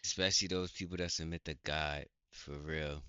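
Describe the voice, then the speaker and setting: A man's voice: extremely low pitch, fairly even intonation, normal speed, sharp tone, smooth, no echo, highs cut off. A man, a YouTube host, giving casual reaction commentary in blunt, slangy talk with fillers.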